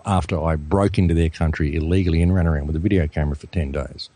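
Australian man, very deep voice, animated storyteller, radio guest, dry close sound. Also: fast talker, no room sound. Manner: animated storyteller, acts out quotes. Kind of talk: storytelling an anecdote.

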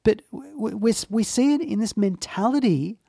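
A man's voice: high-pitched, expressive, moderate pace, creaky, warm tone, husky, no room sound, clean studio sound. A man hosting a casual commentary chat, speaking earnestly and with emphasis, lingering on his phrases. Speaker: talk show host.

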